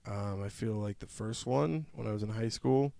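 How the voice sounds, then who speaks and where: A man's voice: fairly low pitch, normal speed, vocal fry, warm tone, dry recording. Male podcast co-host, young adult, casual news-reading with jokey flair, dry close sound. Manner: reads news aloud, then jokes around in an infomercial tone. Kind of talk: casual gaming podcast chat.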